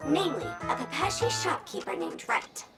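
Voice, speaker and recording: A woman voicing a fussy, theatrical talking dog in a video game, with a grating, gravelly high voice. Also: sing-song, moderate pace, music in the background. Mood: briefing.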